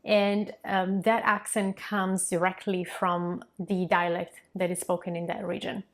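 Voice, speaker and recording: Young Italian woman, Italian accent, clear explanatory teacher, enunciates example sounds carefully. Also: on the low side, level tone. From Milan, northern Italy. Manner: clear, explanatory, modeling pronunciations slowly. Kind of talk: online language lesson.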